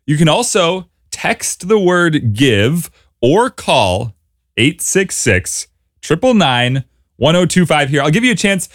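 A man hosting a Christian radio fundraiser, chatting in a friendly way and reading out contact details clearly. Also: fairly high pitch, very animated, takes it slowly, no room sound. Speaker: radio host. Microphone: studio microphone. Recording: dry studio sound.

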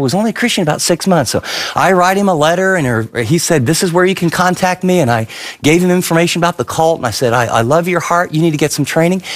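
A man preaching a sermon, telling stories with animated asides and repeated phrases. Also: on the high side. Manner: animated storytelling, repetitive asides. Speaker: pastor.

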